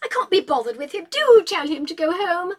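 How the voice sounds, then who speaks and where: A woman's voice: very high-pitched, sing-song, brisk, voice pushed up. A woman voicing a spoiled, petulant young aristocratic woman who whines and pleads. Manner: whiny, pleading.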